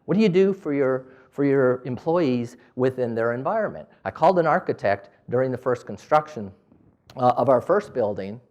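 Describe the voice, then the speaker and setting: In this lo-fi recording, a man with a mid-range voice tells stories as a business owner at a moderate pace. His delivery is animated, and he gives each quoted line of dialogue its own voice.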